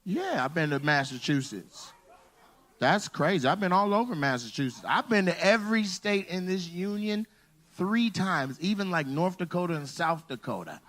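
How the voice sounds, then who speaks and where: Stand-up comic, male, crowd work, high lively voice, teasing and loud. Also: normal speed. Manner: loud, teasing, shouts punchlines. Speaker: stand-up comedian. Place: comedy club stage.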